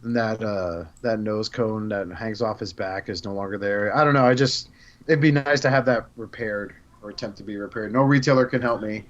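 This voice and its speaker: A man's voice: lowish voice, moderate pace, muffled recording. A man co-hosting a podcast in casual banter, joking and swearing freely, who also reads a listener letter aloud. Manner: profane, joking. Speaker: podcast co-host.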